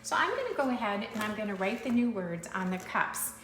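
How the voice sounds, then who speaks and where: Teacher lady spelling words out slow for little kids, kinda singsongy, bright voice. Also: mid-range voice, sing-song, slight background noise. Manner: slow, sing-song spelling aloud with playful voices. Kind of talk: recorded sight-word lesson for young children.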